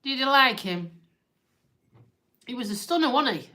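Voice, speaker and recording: A woman's voice: high-pitched, lively intonation, a little slow, pushed and bright. A woman hosting a live stream, talking casually and emotionally, tearful and rambling as she interrupts herself. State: crying on and off.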